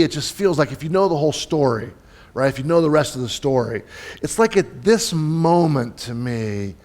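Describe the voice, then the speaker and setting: A middle-aged male pastor preaching a sermon in a conversational way, often checking in with the congregation and swinging between loud and soft. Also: a little high.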